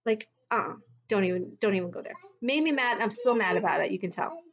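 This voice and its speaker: A woman's voice: medium pitch, animated, fast talker, a bit bright, muffled recording. A woman vlogging at home in a blunt, exasperated tone, with mocking asides. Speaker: vlogger recounting her MLM experience. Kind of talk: casual commentary video.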